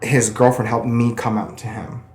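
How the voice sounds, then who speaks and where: A man's voice: medium pitch, steady tone, normal speed, a little mellow. A man guesting on a podcast, telling stories in a rambling, casual way. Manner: rambling storyteller, many fillers. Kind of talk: casual chat. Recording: roomy echo, faint noise.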